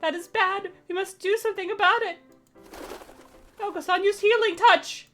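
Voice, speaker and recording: A woman voicing a hyperactive young male pigeon who shouts his lines with wild excitement. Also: very high voice, moderate pace, faint music behind, pitched above the performer's own voice. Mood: excited. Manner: loud, excited exclamations. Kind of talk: reading game dialogue aloud.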